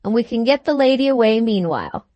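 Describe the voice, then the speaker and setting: A woman with a slightly high voice and big pitch swings talks fast, playing a fussy, ingratiating little male attorney. Coaxing and wheedling, she keeps saying "my dear sir," on a dry, muffled recording.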